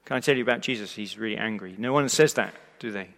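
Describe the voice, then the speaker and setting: A man preaching a sermon to a live congregation, emphatic and expressive, asking the listeners rhetorical questions and often restarting his sentences. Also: lowish voice, fast, vocal fry. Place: church or hall before a live congregation. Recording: long reverb of a large hall.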